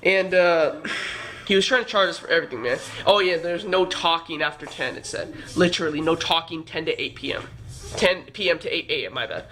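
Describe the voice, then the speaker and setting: A young man recounts a trip in a loose, rambling storytime vlog. His voice sits high and bright, and he swears and acts out the arguments with real heat. He sounds worn out. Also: fairly quick. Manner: animated, swearing, reenacts heated arguments. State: tired. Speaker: vlogger.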